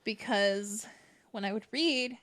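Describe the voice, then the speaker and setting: A woman's voice: mid-range voice, slow, a bit bright. A young woman co-hosting a casual podcast, telling rambling stories and often cutting herself off mid-sentence. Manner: rambling, self-interrupting storyteller. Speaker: podcast co-host. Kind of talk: casual chat.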